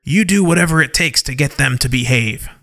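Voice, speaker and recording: A man's voice: medium pitch, a little fast, gravelly, fairly bright tone. A man voicing a dismissive military general speaking over a video phone. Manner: curt, dismissive.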